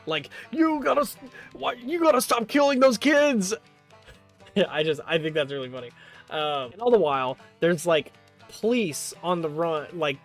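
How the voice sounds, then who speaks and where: A man's voice: a little high, fairly bright tone. A man casually reviewing a horror film, rambling and joking, with "like" in nearly every sentence. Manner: rambling, joking, full of "like" fillers. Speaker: movie reviewer.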